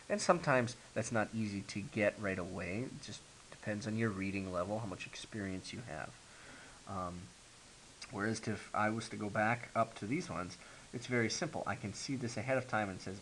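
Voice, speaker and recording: A man's voice: lowish voice, a bit bright, rough recording. A man teaching a grammar lesson, explaining step by step with frequent ums and okays. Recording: faint hiss.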